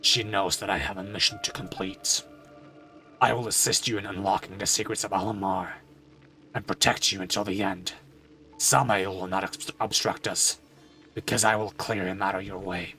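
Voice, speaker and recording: A man's voice: low voice, fairly even intonation, sharp tone, soft background music, pitched below the performer's own voice. A man voicing a brooding grave desert father. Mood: solemn. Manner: slow, solemn, heavy.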